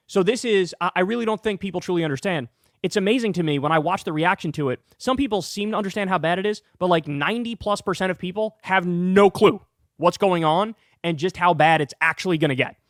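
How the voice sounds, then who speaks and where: Guy ranting about politics, high voice, dry close mic, swears a lot. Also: no echo. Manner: emphatic, profane, urgent. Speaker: political commentary host.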